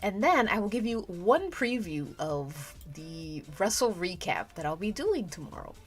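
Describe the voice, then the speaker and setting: Lively, unhurried woman streamer chatting. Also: mid-range voice. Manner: chatty and giggly, trails off and restarts mid-thought. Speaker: streamer drawing live. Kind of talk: casual livestream chat while drawing. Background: faint background music.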